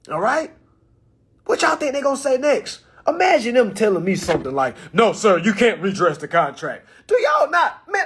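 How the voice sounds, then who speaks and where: Husky high-voiced man lecturing animatedly. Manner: animated, rhetorical questions, acts out phone calls. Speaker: live-stream presenter teaching contract tactics. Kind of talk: casual live-stream lecture.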